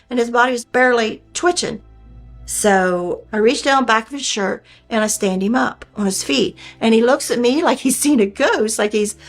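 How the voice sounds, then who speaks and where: An older woman earnestly recounting a personal experience in plainspoken, folksy speech. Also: fairly high pitch. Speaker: storyteller recounting a near-death experience. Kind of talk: personal storytelling.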